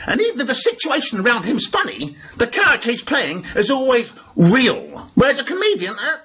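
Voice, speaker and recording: A man's voice: very high voice, bright, forceful tone, husky. A British man telling an anecdote on his vlog, chatty and often laughing through his words. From Britain. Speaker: actor and vlogger. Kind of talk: storytelling vlog. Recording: dull lo-fi sound.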